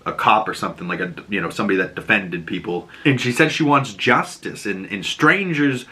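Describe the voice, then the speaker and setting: A man with a Boston accent chatting casually as he recaps a TV episode, telling the story with animated energy, acting out the characters' lines and cursing now and then. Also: lowish voice, brisk.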